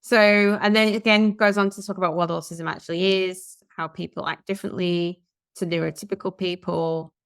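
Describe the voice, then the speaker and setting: Low, gravelly woman co-host. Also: steady tone, a little fast, dry recording, studio quality. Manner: chatty, reads and comments on articles. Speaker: podcast co-host. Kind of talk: casual discussion, reading out news stories.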